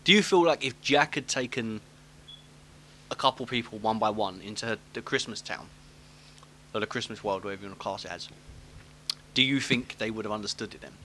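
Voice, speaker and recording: A man's voice: on the low side, a little fast, long pauses, pushed and bright, slight background noise. A man chatting casually about a film, asking questions and often restarting his sentences. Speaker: podcast co-host.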